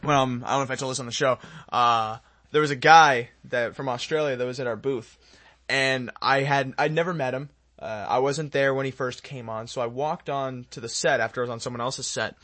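A man's voice: medium pitch, steady tone, fairly quick, fairly bright tone. A man co-hosting a talk show, telling stories and joking in a dry, casual way. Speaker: podcast co-host. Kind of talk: casual banter.

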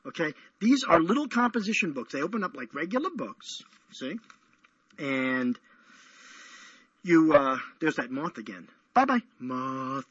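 Rambling, husky-voiced male radio host. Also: a little high, sing-song, unhurried, a bit bright, no room sound. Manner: playful, rambling, teasing. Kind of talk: casual call-in radio chat. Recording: dull lo-fi radio audio.

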